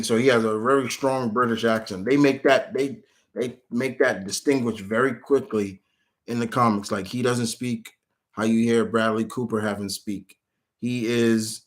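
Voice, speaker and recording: A man's voice: on the low side, fairly bright tone. A man streaming live, answering viewers' questions in a rambling, casual way with many restarts.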